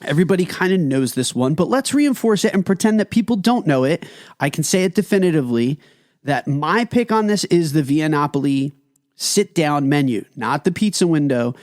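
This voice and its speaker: A man's voice: a little high, expressive, normal speed, a little mellow, dry recording. Emphatic man, dry close mic. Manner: enthusiastic, emphatic, tells stories. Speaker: podcast co-host. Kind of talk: casual food podcast chat.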